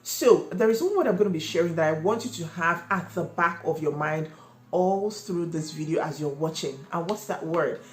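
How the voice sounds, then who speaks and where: A woman's voice: fairly low pitch, normal speed. Emphatic woman coaching in an echoey room. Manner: emphatic, repeats key points, asks viewers questions. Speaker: cake business owner and channel host. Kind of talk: instructional vlog talk. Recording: echoey room with faint music.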